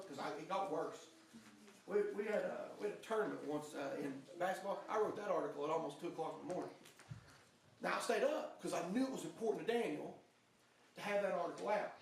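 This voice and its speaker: Gravelly young preacher, echoey church. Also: male voice, high voice, recorded from a distance, a little hiss or hum. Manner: earnest storytelling, conversational, with frequent restarts. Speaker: pastor. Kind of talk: sermon with personal story. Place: church sanctuary.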